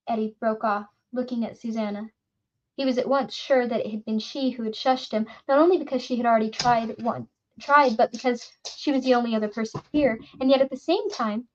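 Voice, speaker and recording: Brief: female audiobook narrator, fairly high voice, dull muffled recording. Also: a little mellow.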